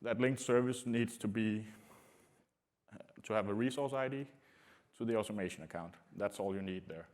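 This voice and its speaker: A man giving a technical conference talk to a room, speaking in a halting way with many filler sounds. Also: lowish voice, darkish tone. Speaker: conference presenter.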